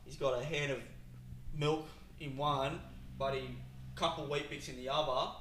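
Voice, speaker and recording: A man telling stories as a podcast guest in casual chat, animated, acting out dialogue and laughing often. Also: a little high, normal speed, roomy sound, a little hiss or hum, rough recording.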